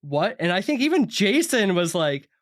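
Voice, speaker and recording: A man's voice: a little high, expressive, fairly quick, a bit bright, no room sound, studio quality. A man co-hosting a podcast in easygoing casual chat, chiming in to finish shared stories. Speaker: podcast co-host.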